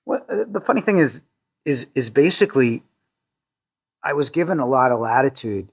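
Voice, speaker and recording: This man's medium-pitched voice is expressive, creaky, and husky. A middle-aged company CEO from around Boston, he chats in a casual interview, stumbling through restarts and fillers with a self-deprecating manner.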